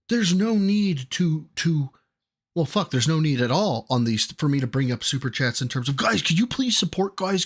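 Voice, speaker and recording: A man's voice: a little high, breathy edge. Exasperated, swearing male stream host. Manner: exasperated and heavily profane. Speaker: stream host reacting to a video. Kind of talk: casual reaction stream commentary.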